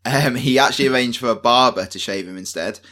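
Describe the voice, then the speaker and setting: A man co-hosting a podcast, telling a history story in casual chat with excited outbursts. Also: medium pitch, fast. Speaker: podcast co-host.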